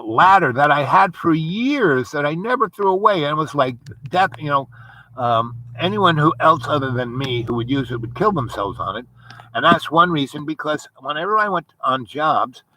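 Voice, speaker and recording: A man's voice: medium pitch, sharp tone, slight background noise, rough recording. A man telling a rambling personal dream story, meandering through asides and many fillers.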